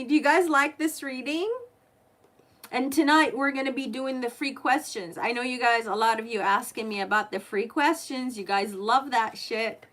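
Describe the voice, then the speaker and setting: A woman's voice: a little high, a bit bright. A woman tarot reader live-streaming a reading, chatty and openly emotional as she talks to her viewers.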